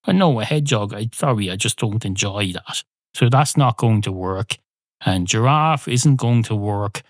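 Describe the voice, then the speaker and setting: A man's voice: lowish voice, expressive, moderate pace, no echo. Man, podcast host, comic monologue, playful, self-interrupting, swears, dry sound.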